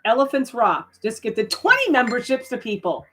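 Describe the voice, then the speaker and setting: A middle-aged woman hosting a casual live stream, chatting with viewers, often breaking into excited, surprised exclamations between trailing fillers. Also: on the high side, moderate pace, slight background noise.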